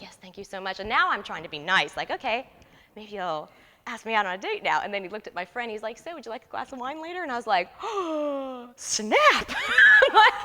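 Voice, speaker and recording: A woman in her thirties, an interview guest telling a story in a lively, animated way and acting out the quotes. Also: mid-range voice, long reverb tail. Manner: lively, laughing, acts out quotes.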